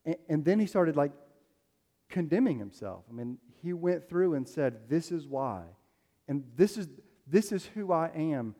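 A man's voice: a little high, expressive, a little slow, warm tone. A man preaching a sermon as a pastor, telling stories in a loose, conversational way with plenty of fillers. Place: church sanctuary. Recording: long hall reverb.

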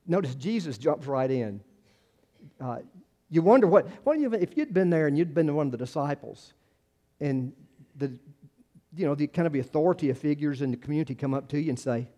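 A man's voice: fairly high pitch, expressive, brisk, mellow. A male pastor, preaching a conversational sermon full of restarts and acted-out quotes.

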